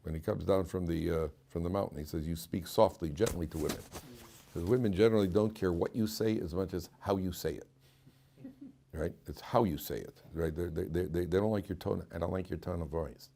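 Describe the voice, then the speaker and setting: A man's voice: deep voice, steady tone, fairly quick, gravelly, mellow, a little hiss or hum. A man, a rabbi, giving an informal Torah lecture in a conversational, joking way, often repeating and restarting his words. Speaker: rabbi teaching a weekly Torah class.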